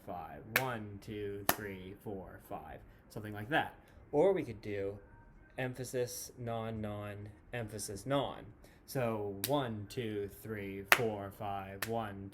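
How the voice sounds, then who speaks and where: A man explaining time signatures as a music teacher, patient and clear, counting beats aloud. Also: mid-range voice, a little hiss or hum. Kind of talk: classroom lesson explanation.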